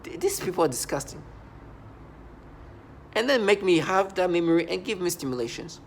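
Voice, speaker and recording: A man with a rough, gravelly voice pitched a little high speaks in a personal video monologue. His delivery is earnest and agitated, stumbling over words and restarting often. A faint hiss of noise sits under the recording. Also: animated. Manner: halting, with frequent restarts and broken-off words. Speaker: vlogger.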